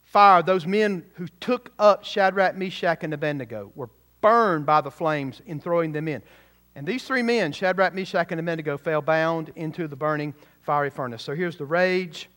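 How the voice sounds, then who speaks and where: A man preaching a sermon, full of rhetorical questions and quick asides to the congregation. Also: on the high side, fairly bright tone. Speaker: pastor.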